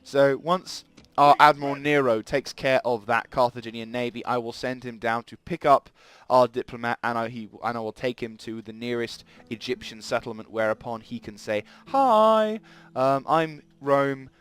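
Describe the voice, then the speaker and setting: Gaming host, bright voice, rambly think-aloud commentary over gameplay. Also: male voice, medium pitch, smooth. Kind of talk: let's play commentary.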